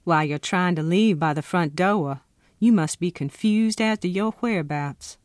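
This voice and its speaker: A woman's voice: fairly low pitch, unhurried, lightly acted. A woman voicing an older hostile Southern man who talks in a sneering drawl.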